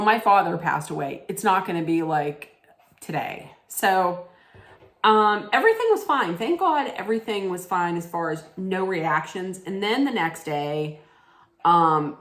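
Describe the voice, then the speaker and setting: A middle-aged woman chats casually, unhurried and full of fillers and restarts. Her voice sits a little low. The sound rings back from the room she's in. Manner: rambling, many fillers and restarts. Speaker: vlogger. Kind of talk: casual storytelling chat. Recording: echoey room.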